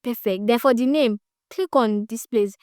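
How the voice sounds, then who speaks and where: A chatty woman walks through a tutorial, her voice a touch high and smooth. She gets excited easily and repeats herself often. The sound is dry and close. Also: normal speed, no echo. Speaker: social media tutor. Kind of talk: casual step-by-step tutorial. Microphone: phone on a tripod.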